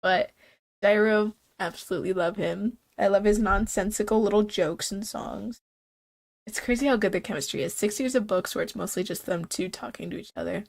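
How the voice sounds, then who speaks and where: A woman's voice: medium pitch, normal speed, vocal fry. Congested young woman chatting on stream. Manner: chatty, rambling, laughs often. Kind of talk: casual stream chat.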